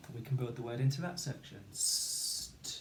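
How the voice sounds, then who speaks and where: A man's voice: mid-range voice, rapid-fire, warm tone. A man teaching children phonics, counting in and sounding out words syllable by syllable, with encouraging praise. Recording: echoey room with faint ambient noise.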